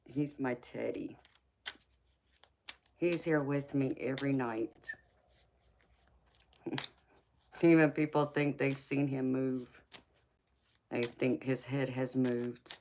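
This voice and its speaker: A woman's voice: very deep voice, fairly even intonation, slow, pauses often, darkish tone, slight background noise. A woman hosting a casual live chat, teasing viewers playfully, laughing often and calling them baby and sweetheart.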